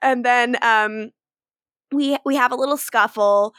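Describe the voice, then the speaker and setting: A woman's voice: on the high side, unhurried, no echo, studio quality. A woman co-hosting a podcast, chatting casually about a TV episode, laughing often and acting out lines. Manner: animated, laughs often, acts out quotes. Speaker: podcast co-host. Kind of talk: casual recap chat.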